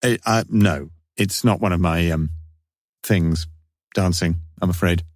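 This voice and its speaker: A man's voice: sits low, measured pace, dry recording, clean studio sound. A man voicing an awkward middle-aged detective who stammers and hesitates. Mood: flustered.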